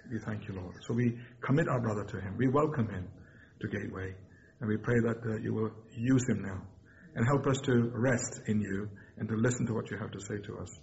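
A man leading a spoken prayer in church, in a low and measured way. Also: gravelly, a little mellow. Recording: dull lo-fi church recording with faint hiss.

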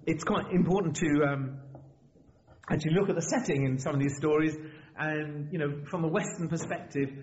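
A man preaching a sermon in a lively, conversational way, often restarting his phrases. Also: on the high side. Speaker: visiting preacher. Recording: dull lo-fi church recording with faint hiss.

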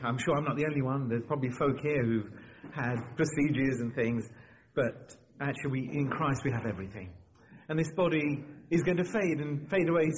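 A man preaching a sermon in a lively, conversational way, often restarting his phrases. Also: medium pitch. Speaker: visiting preacher. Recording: dull lo-fi church recording with faint hiss.

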